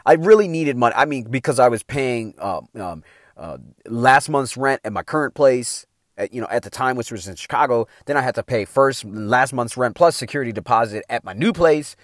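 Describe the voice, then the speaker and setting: Animated middle-aged man giving a pep talk. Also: medium pitch, brisk, no echo, studio quality. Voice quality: emphatic, slangy, swears freely. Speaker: motivational speaker. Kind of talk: motivational talk.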